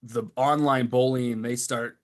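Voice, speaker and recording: A middle-aged man, a creature puppet maker, talking as a guest in a casual podcast chat, telling stories in an animated, exasperated way. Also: mid-range voice, a little slow.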